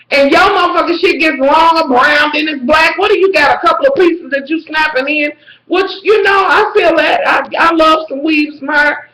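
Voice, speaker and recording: A woman in a casual vlog, reviewing a reality show with sassy, profane, animated rants and frequent shouting. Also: high-pitched, normal speed. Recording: echoey room.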